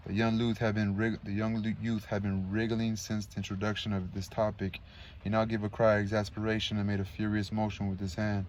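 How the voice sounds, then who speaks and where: A man reads a classic novel aloud in a low, even voice that barely rises or falls. He stumbles now and then and corrects himself. A faint hiss of background noise runs under the read. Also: fairly quick. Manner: plain reading with small slips and asides. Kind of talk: read-aloud audiobook narration.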